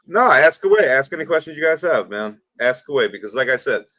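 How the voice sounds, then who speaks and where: A man's voice: mid-range voice, expressive, fairly quick, bright, forceful tone, no room sound. A man hosting a casual livestream, friendly and easygoing, taking questions from viewers. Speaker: livestream host.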